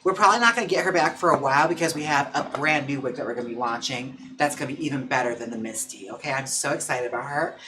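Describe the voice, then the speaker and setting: A man's voice: medium pitch, fast, hardly any pauses, noisy background. A drag queen hosting a casual livestream, chatting playfully and campily with viewers. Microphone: own mic.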